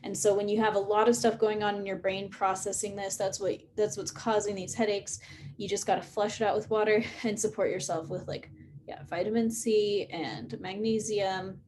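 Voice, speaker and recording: A woman's voice: medium pitch, flat delivery, moderate pace, a little mellow, a little hiss or hum. A woman in her thirties hosting a casual live-stream Q&A, talking in a rambling way with many fillers and restarts. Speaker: host of a live Q&A session.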